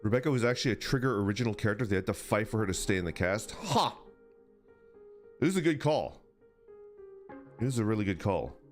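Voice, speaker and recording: A man streaming, chatting casually with viewers, rambling and swearing through animated rants. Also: on the low side, a little fast, long pauses, soft background music. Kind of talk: casual chat reacting to viewers.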